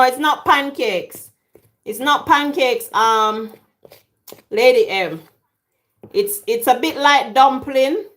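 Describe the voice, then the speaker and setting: Woman vlogger, a touch high, unhurried, joking her live viewers while she cooks. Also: fairly bright tone. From London. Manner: teasing banter with viewers. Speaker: cooking vlogger. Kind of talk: chatty live cooking stream. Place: home kitchen. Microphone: camera on a tripod.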